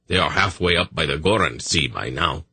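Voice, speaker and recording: A man voicing a wary, deferential male sea captain in a low gruff voice in an audiobook. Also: animated, moderate pace, sharp tone, dry recording, heavily acted.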